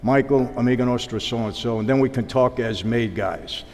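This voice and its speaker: A man's voice: mid-range voice, normal speed. A man, a guest telling long stories and acting out the dialogue of the people in them. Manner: animated storyteller acting out quoted dialogue. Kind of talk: storytelling interview. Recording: long hall reverb with background music.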